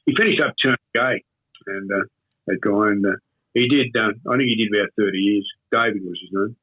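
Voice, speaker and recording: An older man with an Australian accent, telling a long story in an interview in a rambling, halting way with many fillers and restarts. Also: on the low side. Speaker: interview guest. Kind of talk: casual storytelling. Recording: tinny phone-like audio.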